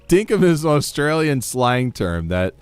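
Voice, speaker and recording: A man's voice: fairly high pitch, clear, resonant tone, no echo. A man from the United States streaming a game, chatting casually, reading chat aloud and laughing often.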